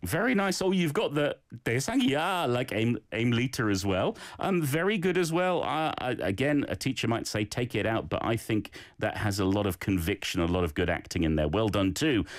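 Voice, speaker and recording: A man's voice: fairly low pitch, lively intonation, normal speed, few pauses, no echo. A man teaches a short Korean sentence, with lots of rise and fall in his voice. He goes through listeners' clips one by one and praises their flow and pronunciation. The sound is close and dry, with no room around it. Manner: encouraging, gives feedback on learners' recordings. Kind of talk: casual language lesson.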